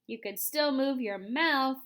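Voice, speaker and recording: A sarcastic earthworm read by a woman speaks in a slow, dry, deadpan voice. This is a grumpy storybook creature. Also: high-pitched.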